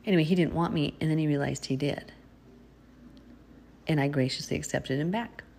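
Woman, middle-aged, lowish voice, earnest exhorting preacher, breathy whispers at times, faint background hiss. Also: fairly quick, a little mellow. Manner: earnest, exhorting, with laughs and asides. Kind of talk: informal religious teaching.

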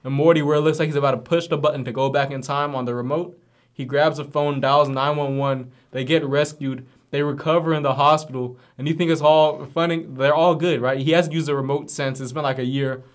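A man's voice: on the high side, fairly quick. Slangy man retelling cartoon plots. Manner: animated storyteller, heavy slang and fillers. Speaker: podcast co-host.

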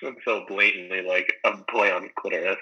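A man chatting casually, rambling and animated as he retells funny scenes, full of "like" and "um". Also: low voice, normal speed, husky, lo-fi sound. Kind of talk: casual chat about a sitcom.

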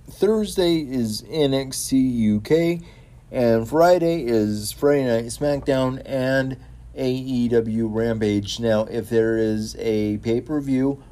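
Slow, mellow-voiced man hosting a wrestling show. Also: medium pitch. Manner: halting, many fillers and repeated words, enthusiastic. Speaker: podcast host. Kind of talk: casual solo wrestling talk show.

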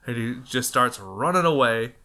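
Casting: man, animated co-host, bright tone, acts out quotes in silly voices. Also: medium pitch, normal speed. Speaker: podcast co-host. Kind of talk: casual chat.

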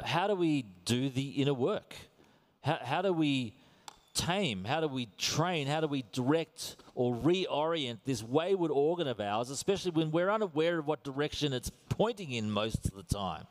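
A middle-aged Australian man preaching a sermon in a relaxed, conversational way, telling stories with self-deprecating humor. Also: mid-range voice.

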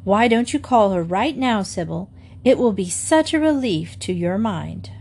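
A woman's voice: medium pitch, expressive, measured pace, a little mellow, husky. A woman reading aloud, voicing a cheerful neighbor, a mother of eight, who chats breezily. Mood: reassuring. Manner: chatty, breezy storytelling.

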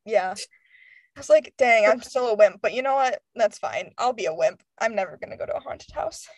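A woman in her twenties telling a story in casual chat, animated and acting out the voices of friends, laughing often. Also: on the high side, brisk, vocal fry, slightly rough, no room sound. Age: 20s.

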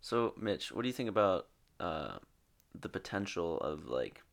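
Young male podcast host from Michigan, somewhat low voice, casual and jokey, trails off a lot. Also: sing-song, vocal fry. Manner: laid-back, halting, jokey. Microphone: studio podcast mic.

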